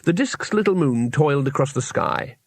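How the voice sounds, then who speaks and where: Male audiobook narrator, lively pitch, dry close sound. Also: moderate pace, gravelly, dry recording. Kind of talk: scripted narration.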